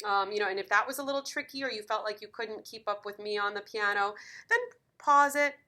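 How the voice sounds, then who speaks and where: A woman's voice: mid-range voice, fairly quick, sharp tone. A woman teaching piano in a lesson video, encouraging and counting beats aloud.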